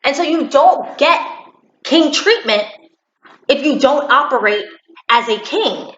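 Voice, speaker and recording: A woman giving a preachy, animated opinion monologue for her vlog, in a dull, roomy home recording. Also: high-pitched, slow. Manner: preachy, animated, acts out quotes. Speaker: commentary vlogger.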